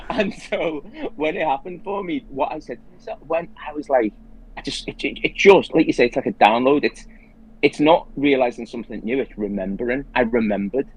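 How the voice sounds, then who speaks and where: A man's voice: medium pitch, moderate pace, husky, rough recording. A man as a guest in a casual conversation, telling a personal story earnestly and quoting his own inner thoughts aloud.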